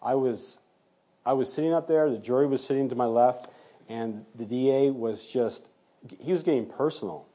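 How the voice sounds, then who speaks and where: A man's voice: mid-range voice, moderate pace, mellow. A man who works as a forensic DNA criminalist, telling a story in an interview and acting out the exchanges he quotes.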